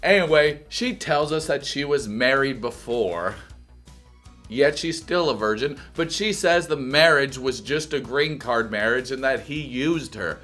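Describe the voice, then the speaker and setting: A man's voice: medium pitch, expressive, unhurried, a bit bright, soft background music. A man giving crude, profane, joking commentary while reviewing a reality TV show. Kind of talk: comedic reaction commentary.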